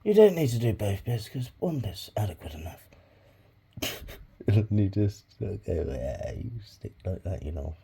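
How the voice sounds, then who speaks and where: Man, casual crafting chat, low voice, very husky, mumbled asides, swears a lot. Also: very animated, unhurried, warm tone. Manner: rambling, swears freely, mutters asides under his breath. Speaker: crafting hobby vlogger.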